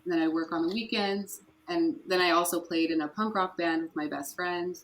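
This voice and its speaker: A woman's voice: fairly low pitch, steady tone, normal speed, low-quality recording. Earnest woman telling her story. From Canada. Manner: candid, earnest retelling with quoted dialogue. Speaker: podcast guest. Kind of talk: personal storytelling interview.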